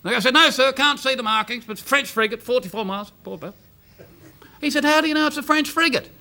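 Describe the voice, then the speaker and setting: A man's voice: extremely high pitch, fast. An Australian man telling jokes in a rowdy, laughing manner on a live television comedy show. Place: television studio with live audience. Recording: noisy live TV studio audience. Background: loud studio audience laughter.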